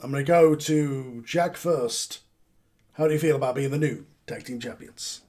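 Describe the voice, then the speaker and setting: A man playing a brisk ring interviewer. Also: mid-range voice, darkish tone, close to an everyday voice. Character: male ring interviewer, businesslike.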